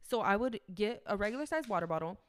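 A woman's voice: mid-range voice, lively intonation, fast. A young woman co-hosting a podcast, telling a story in loose casual chat with frequent swearing. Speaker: podcast co-host.

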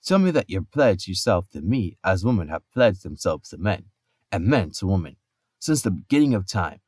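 A man voicing a pompous, lovestruck male giant king, booming and crooning in turn. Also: sing-song, moderate pace, darkish tone, no echo, clean studio sound.

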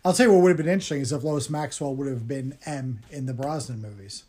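A man's voice: medium pitch, quick pace, a little mellow, husky. A man co-hosting a casual film podcast, rambling with many restarts while retelling movie scenes. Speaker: podcast co-host. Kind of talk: casual chat.

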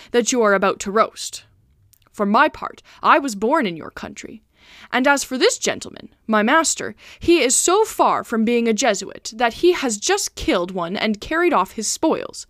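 A woman reading the part of a loyal male servant who stays calm and talks his way out of trouble with wry reasoning. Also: fairly high pitch, no room sound, clean studio sound.

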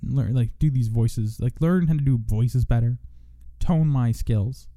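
Rambling young man with a dark voice. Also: medium pitch, unhurried, no room sound. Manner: rambling, self-mocking, breaks into joking country singing. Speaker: radio show host. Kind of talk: casual chat with off-key singing.

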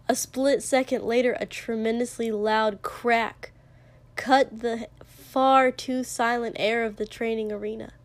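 A woman reading a dramatic story aloud in a hushed, unhurried storytelling voice. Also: medium pitch. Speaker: story reader. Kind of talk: dramatic fan-fiction reading.

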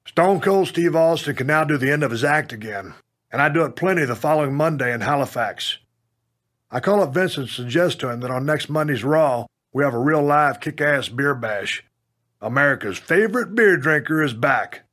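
Gruff man narrating his memoir. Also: fairly high pitch, expressive, moderate pace. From Texas. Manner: gruff, plainspoken storytelling with mild cursing; punches up quoted lines with loud bursts.

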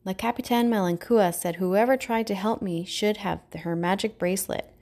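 A woman's voice: medium pitch, moderate pace, darkish tone, lightly acted. A woman voicing an enchanted talking pirate ship in a storybook reading, polite and explaining.

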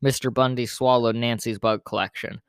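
A man's voice: medium pitch, normal speed, smooth, dry recording, clean studio sound. Man reading a children's story. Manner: plain, steady storybook narration.

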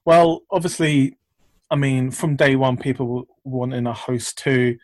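A man's voice: medium pitch, flat delivery, a little slow, a little mellow, dry recording. A man, a filmmaker, chatting casually in an interview, rambling with lots of fillers and restarts. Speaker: filmmaker guest.

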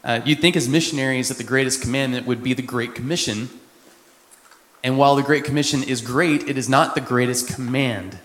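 A man from Texas, a missionary, preaching a sermon in a conversational way with quick asides. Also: mid-range voice, fairly bright tone. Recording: echoey hall with long reverb.

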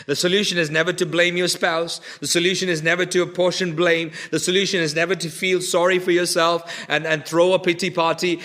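Bright-voiced man preaching a sermon. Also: flat delivery, moderate pace, few pauses. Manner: swings from loud urgent pleading to hushed low intensity; repetitive rhetorical preaching.

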